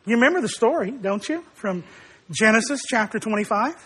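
High-voiced emphatic male preacher. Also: expressive, a little fast, slightly rough. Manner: emphatic, rising to forceful declarations; acts out quoted dialogue in storytelling. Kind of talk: sermon.

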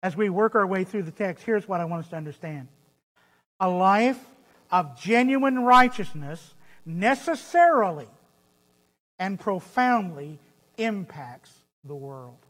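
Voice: mid-range voice, expressive, measured pace, a bit bright. A preacher delivering a sermon, stressing points by repeating phrases and asking rhetorical questions. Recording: long hall reverb.

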